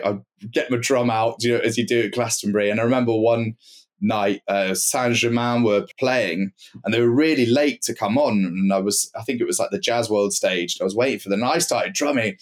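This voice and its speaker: A man telling a long story as a podcast guest, rambling with many fillers and restarts. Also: mid-range voice. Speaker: podcast guest, club night owner. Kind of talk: casual anecdotal storytelling.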